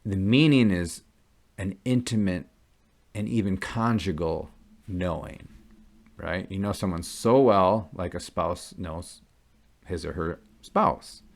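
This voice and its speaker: A man's voice: low-pitched, slow, creaky. A man giving an earnest, casual explanation to viewers, often checking in with "okay?" and "right?" as he goes. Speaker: Catholic convert vlogger.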